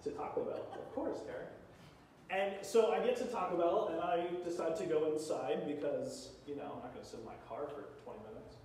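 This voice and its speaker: Casual young preacher in an echoey hall. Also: male voice, fairly high pitch, fairly quick, hardly any pauses, a little mellow, a little hiss or hum. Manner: casual, humorous anecdote-telling. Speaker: youth pastor preaching. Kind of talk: storytelling sermon. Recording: echoey hall, mic at a distance.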